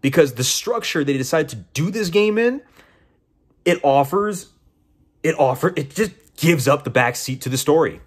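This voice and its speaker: A man's voice: fairly high pitch, expressive, normal speed, husky. A young man giving casual game commentary, exasperated and profane, often incredulous. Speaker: game reviewer.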